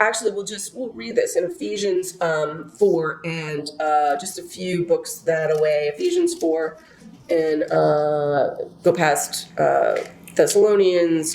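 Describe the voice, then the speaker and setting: A woman's voice: lowish voice, gravelly, darkish tone, reverberant, a little hiss or hum. A woman teaching a relationship class in a casual, chatty way. She tells personal stories with lots of fillers and asides.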